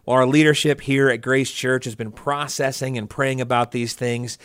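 A man's voice: mid-range voice, steady tone, moderate pace, fairly bright tone, clean tone, no room sound. A man hosting a church podcast, joking around and reading a listener's question aloud. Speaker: podcast host. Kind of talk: casual church podcast chat.

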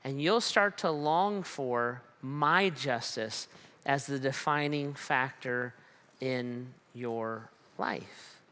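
A man's voice: mid-range voice, extremely slow, sharp tone, smooth. A man preaching a sermon with emphatic repetition and rhetorical questions. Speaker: pastor.

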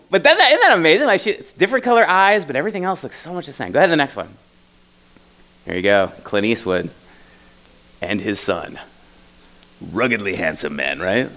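A man's voice: medium pitch, creaky, a bit bright, low-quality recording. A man preaching a sermon as pastor to a congregation, in a casual, conversational way full of asides and tag questions. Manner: casual, conversational, with many "you know" and "right?". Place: church hall with a congregation.

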